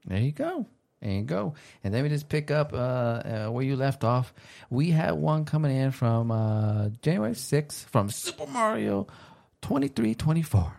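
A man co-hosting a casual podcast, upbeat and chatty, often pausing with "uh". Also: medium pitch, animated, vocal fry, dark tone. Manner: upbeat, fills pauses with "uh". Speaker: podcast co-host.

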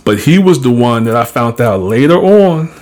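A man holds forth on a podcast in a loose, conversational way. He is blunt and swears freely. He tells his story with animated energy and stays at a mid pitch. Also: normal speed. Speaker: podcast host. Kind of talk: casual podcast storytelling and commentary.

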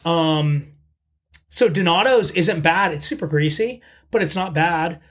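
A man's voice: on the high side, unhurried, fairly bright tone. A man chatting casually as a podcast guest, telling blunt, profane stories. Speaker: podcast guest, pizza shop owner. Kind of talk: casual chat.

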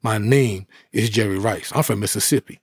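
A deep, steady voice of a confident grown man declaring who he is with quiet power, as a storyteller puts him on. The delivery is slow and proud, set in a dry room with no echo. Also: slightly rough. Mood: self-assured.

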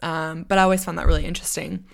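A woman's voice: fairly low pitch, level tone, rapid-fire, gravelly. A young American woman hosting a podcast, talking casually on her own and drifting into side notes. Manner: chatty, rambling with side notes. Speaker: podcast host. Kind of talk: casual solo monologue.

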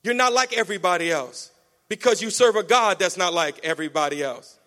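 A man preaching a sermon with energetic call-and-response, urging the congregation to answer back. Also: high voice, brisk. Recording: long hall reverb.

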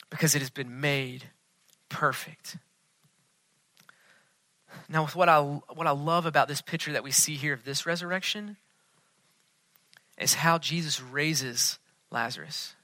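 A man preaching a sermon as pastor, earnest, often dropping to a hushed tone for emphasis. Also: a little high, no room sound.

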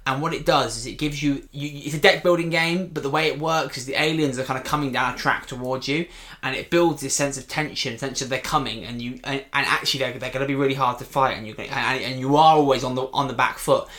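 A man co-hosting a podcast in casual chat, talking quickly with frequent restarts and playful teasing. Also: mid-range voice, a bit bright. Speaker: podcast co-host.

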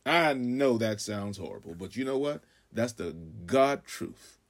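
A man preaching a sermon, calling out "huh?" to the congregation, stammering on repeats and swinging from shouts to hushed asides. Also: mid-range voice, big pitch swings, a little slow. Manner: call-and-response, frequent "huh?"; stammering repeats when building. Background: congregation laughing.

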